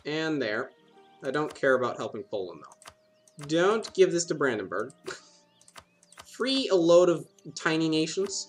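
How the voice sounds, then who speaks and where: Man chatting playfully over a game. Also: on the high side. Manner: playful, rambling self-talk, often laughing to himself. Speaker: gaming video host. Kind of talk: strategy game commentary.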